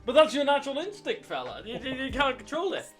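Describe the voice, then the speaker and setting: A man's voice: extremely high pitch, wildly swooping pitch, quick pace, loud music behind the voice. A man co-hosting a podcast, joking and telling stories in casual chat. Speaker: podcast co-host.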